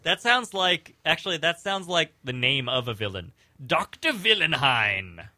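A man hosting a college radio comedy show, voice mid-pitched with a bright, sharp edge. He banters in a wry, deadpan way, and the sound is dry and close in the studio. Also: a little slow, no room sound.

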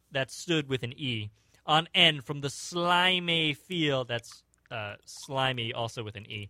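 A man doing a comic dramatic reading of a fantasy story, deliberate and spelling out odd words. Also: medium pitch, sharp tone, slight background noise.

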